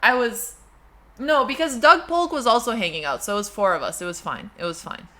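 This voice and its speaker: A young woman hosting a casual livestream, reading chat aloud and answering in a chatty, self-deprecating way. Her voice sits a little high and sounds bright and sharp. She is quick to laugh at herself. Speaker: livestream host.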